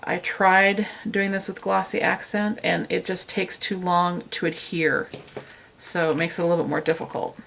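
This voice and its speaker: A woman's voice: on the low side, little pitch movement, normal speed, gravelly, fairly bright tone, slight background noise. A woman talking casually through a craft demonstration as she works, chatty and self-deprecating, recorded by a camera on a tripod. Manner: chatty, self-deprecating, talks while working with her hands. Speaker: craft tutorial host.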